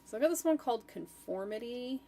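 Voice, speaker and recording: A woman's voice: a little high, lively intonation, fairly quick, mellow, slight background noise. A woman chatting casually while she makes art, thinking aloud with trailing fillers and self-talk. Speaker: art streamer. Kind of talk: rambling casual chat while designing.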